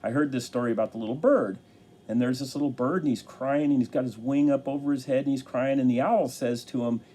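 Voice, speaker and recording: An earnest man talks to camera, offering life encouragement in a halting way and restarting his sentences often. His voice is mellow and sits at a middle pitch. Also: steady tone. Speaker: motivational speaker. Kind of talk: motivational talk to camera.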